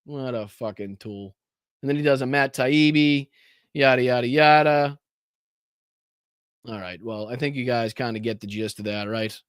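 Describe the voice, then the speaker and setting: A man's voice: mid-range voice, moderate pace, long pauses, clean tone, no echo, clean studio sound. A man hosting a political commentary livestream, talking casually and profanely, often restarting his phrases as he rambles. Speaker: political commentary show host.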